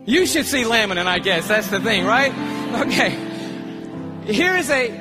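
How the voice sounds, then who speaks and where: A man preaching a sermon, telling a story in an excitable, animated way. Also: sits high, moderate pace. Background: background music.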